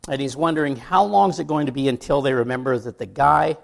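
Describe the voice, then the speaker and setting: Fast and creaky, a mid-range male voice belongs to a middle-aged pastor from the United States. He preaches conversationally, with asides and rhetorical questions for the congregation.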